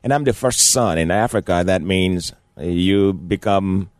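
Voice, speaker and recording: A middle-aged man from Nigeria with a Nigerian accent, a guest on a radio show, telling his life story earnestly and hitting each syllable clearly. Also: low voice, a little slow, darkish tone, dry recording. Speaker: guest, state rep candidate. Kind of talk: radio interview. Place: radio studio. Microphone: studio mic.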